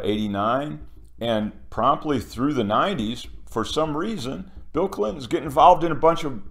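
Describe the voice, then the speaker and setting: An older man giving a rambling solo monologue, sarcastic and theatrical, often jumping into loud mocking quotes. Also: medium pitch. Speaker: commentator.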